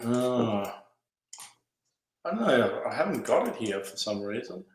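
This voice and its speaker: A man's voice: medium pitch, very animated, unhurried. A man hosts a casual podcast. He talks loosely and hesitantly with plenty of ums, and his voice carries a roomy echo. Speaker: podcast host. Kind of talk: casual banter.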